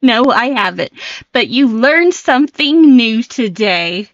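A woman's voice: on the high side, animated, takes it slowly, dry recording, lo-fi sound. A woman streamer chatting casually on a live stream, giggly and flustered, laughing often as she reacts.

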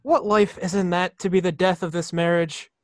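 A bitter, scheming villain prince, played by a teenage boy, resentful and brooding. The voice is high and sounds dry, with no room around it. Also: steady tone, normal speed, dry recording, lightly acted. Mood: spiteful. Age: late teens. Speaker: student actor. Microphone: video call.

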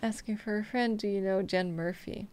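A woman playing a video game, reading the on-screen text messages aloud in a flat, quick way between casual comments. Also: medium pitch, clear, resonant tone. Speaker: gameplay streamer. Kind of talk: casual let's-play commentary.

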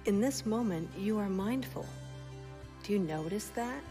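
A woman gently guiding children through a mindfulness exercise, calm and softly asking questions. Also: medium pitch, measured pace, music in the background.

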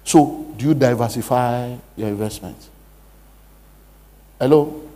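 A man's voice: medium pitch, unhurried, warm tone. A man who is a pastor, giving a preaching-style money lecture with emphatic rhetorical questions. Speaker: pastor teaching a money seminar.

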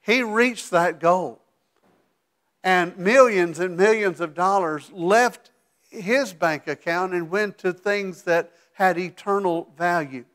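A pastor preaching a sermon in a church sanctuary, animated and rising to emphatic peaks, dropping to a hushed voice for asides. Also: male voice, sits high.

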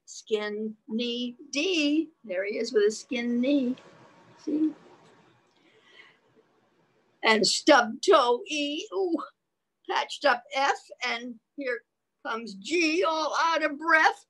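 Slow sing-song woman reading to kids. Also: high voice, animated, pushed and bright, rough recording. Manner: slow sing-song reading, stops to ask the listening children questions. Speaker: children's storyteller. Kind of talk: reading a picture book aloud to young children.

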